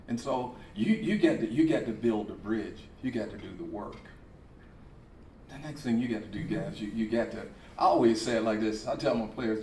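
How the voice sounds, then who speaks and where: A man's voice: fairly low pitch, normal speed, a little mellow, slight background noise. Emphatic middle-aged man giving a speech. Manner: emphatic and repetitive, with rising, preaching cadence. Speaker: coach and speaker. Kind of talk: motivational speech. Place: event hall. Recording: echoey hall, speaker far from mic, faint ambience.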